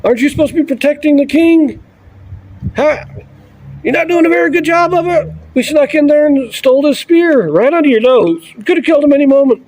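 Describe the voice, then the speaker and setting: A man voicing a cocky young male warrior who mockingly taunts sleepy guards in a high, shouted voice. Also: fairly quick, poor audio. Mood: taunting.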